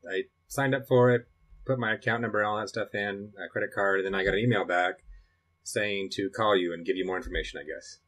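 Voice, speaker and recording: His voice is lowish, steady and fairly bright, a little fast. He's a middle-aged dad in his Colorado home, rambling through a computer setup walkthrough on screen recording, thinking out loud and restarting often.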